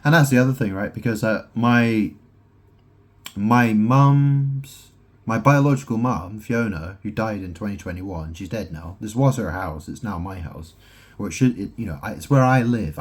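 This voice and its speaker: Speaking at normal speed with a lowish voice, a solo vlogger rambles through a monologue at home, heavy on wordplay and sprinkled with repeated "right?" asides.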